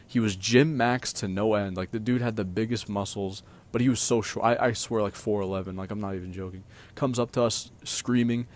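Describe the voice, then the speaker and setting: Young man, vlogger, low voice, casual storytime, rambling, lots of filler words, swearing. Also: fairly even intonation, fairly quick.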